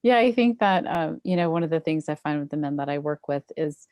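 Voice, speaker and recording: A woman who coaches fathers, speaking warmly and thoughtfully with empathy. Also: low-pitched, animated, fairly quick, dry recording, studio quality. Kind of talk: casual conversation.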